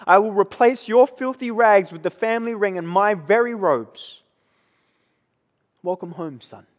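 A preacher voicing a gentle forgiving father. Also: high-pitched, measured pace, long reverb tail. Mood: tender. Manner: gentle and reassuring. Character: forgiving father welcoming his lost son home.

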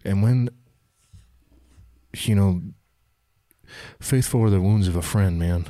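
A man speaking candidly and emotionally about his struggles, halting and repeating himself, filling his talk with "man" and "dude". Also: low voice, dark tone, no echo. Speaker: guest. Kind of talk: candid confessional conversation.

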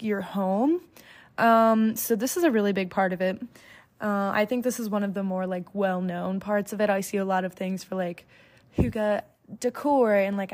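A woman's voice: medium pitch, darkish tone. A young woman from the United States hosting a solo podcast in a casual, chatty way, full of fillers and self-corrections. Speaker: podcast host.

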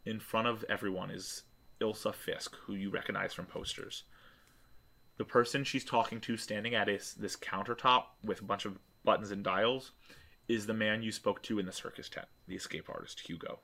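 A man's voice: lowish voice, fairly even intonation, moderate pace, gravelly, pushed and bright. A man narrating a tabletop game as game master, descriptive and restarting often.

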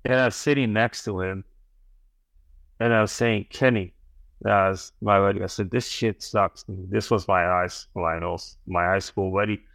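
A man's voice: on the low side, steady tone, moderate pace, vocal fry, fairly bright tone, dry recording. A middle-aged man, a podcast guest, telling a long story in casual chat, rambling and swearing, tagging sentences with "right?" and "bro".

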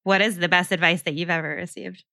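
A woman with a low-pitched voice that still sounds bright and sharp, talking on a podcast. Her tone is crisp and smooth, recorded dry and close with no room sound. She backs up her co-host with eager agreement and easy laughter. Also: little pitch movement, dry recording. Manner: encouraging, affirming, quick to agree and laugh. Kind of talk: casual conversational podcast chat.

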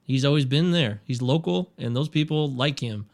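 A man's voice: medium pitch, normal speed. A man wisecracking and joking playfully during a casual podcast chat.

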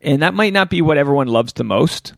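Gravelly man ranting on a podcast. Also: on the high side, expressive, brisk, no echo, clean studio sound. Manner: rambling, candid and profane; self-reflective, often restarts thoughts. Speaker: podcast host. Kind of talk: solo podcast rant.

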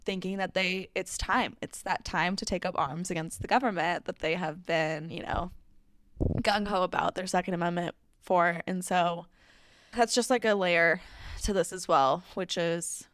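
A young adult woman co-hosting a podcast. She talks through current events in a relaxed, conversational way. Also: lowish voice, normal speed, background noise. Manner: relaxed, conversational, some filler. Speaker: podcast co-host. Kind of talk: casual news chat.

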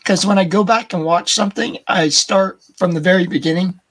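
American male podcast guest, husky voice, halting delivery. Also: high voice, a bit bright. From United States. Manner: hesitant, halting. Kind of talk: casual podcast chat.

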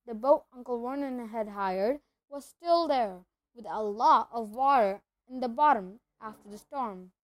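High-voiced woman reading a storybook. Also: unhurried, few pauses, dry recording. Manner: expressive storytelling, lively voices. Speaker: audiobook reader. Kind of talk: reading a children's novel aloud.

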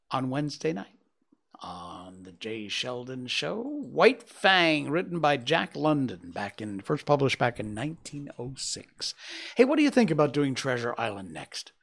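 Male host who reads books aloud on stream. Gravelly, mid-pitched voice, measured and dramatic delivery. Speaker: show host. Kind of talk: reading a novel aloud on a livestream.

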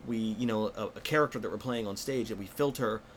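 A man's voice: on the low side, fairly quick, slight background noise. A man talking as a guest in a casual podcast conversation, telling stories and acting out the quotes. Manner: animated storyteller who acts out quotes.

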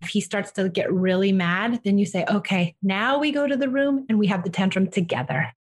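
A woman giving a parent calm, direct advice on handling a child's tantrums. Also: mid-range voice, brisk. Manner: direct, reassuring, acts out what to say to children. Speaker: parenting coach. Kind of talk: advice session.

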